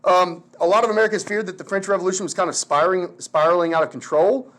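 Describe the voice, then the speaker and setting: A man teaching history in a casual, slangy, animated lecture full of filler words. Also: high voice, quick pace. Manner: slangy, animated, lots of "like" and "dude".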